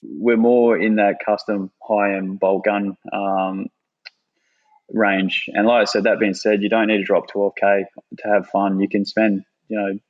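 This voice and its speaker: A former army sniper with an Australian accent chats as a podcast guest, laid-back, swearing freely and saying "mate" a lot. His voice is lowish and level, at a measured pace, with lo-fi sound.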